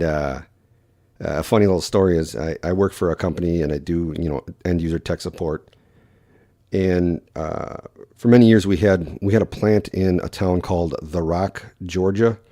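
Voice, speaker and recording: A man from Wisconsin with a Wisconsin accent, hosting a casual solo podcast in quick, rambling talk full of fillers. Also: deep voice, dark tone, dry recording, studio quality. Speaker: podcast host.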